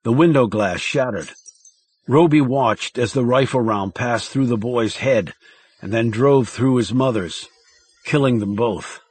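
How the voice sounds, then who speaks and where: A man reading a thriller audiobook in a measured, dramatic narration style. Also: medium pitch, a little mellow, slightly rough.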